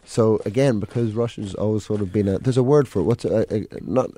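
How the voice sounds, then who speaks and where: Male comedian guest from England, warm mellow tone, laid-back rambling storyteller with a self-mocking edge. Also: lowish voice, fast talker. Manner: rambling, self-mocking anecdotes with frequent laughs. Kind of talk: casual storytelling in a podcast interview.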